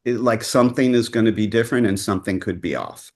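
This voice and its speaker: A man's voice: on the low side, lively intonation, fast, a little mellow. A man co-hosting a casual chat about musicals, frank and self-deprecating, often restarting his words. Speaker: podcast co-host.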